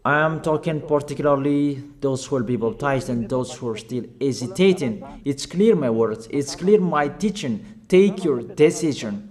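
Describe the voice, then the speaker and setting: A man preaching a sermon in halting, non-fluent English, urging his listeners with short, repeated calls. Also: mid-range voice, a little mellow. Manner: emphatic, repetitive exhortation in non-fluent English.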